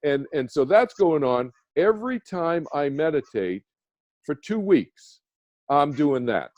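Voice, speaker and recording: A man's voice: on the high side, very animated, a little slow, darkish tone, dry recording, dull audio. A man, a meditation teacher, telling a personal story as a radio guest, earnest and rambling with many restarts. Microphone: phone or video call.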